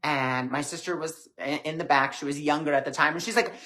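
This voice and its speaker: A man hosting a live stream, giving a reflective spiritual talk with gentle, repetitive phrasing and many fillers. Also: a little high, steady tone, brisk. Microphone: webcam or phone on a live stream.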